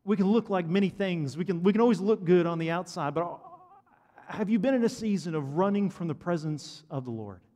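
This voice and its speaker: A man preaching a sermon to a congregation, animated and asking the listeners questions. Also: high-pitched, a little fast. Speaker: pastor. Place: church hall. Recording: long hall reverb.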